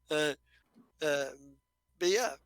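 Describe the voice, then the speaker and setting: A man runs a tabletop game, his narration halting and full of restarts. His voice sits a little high and bright, and the sound is dry and close. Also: clear, resonant tone, dry recording, rough recording. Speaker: game master.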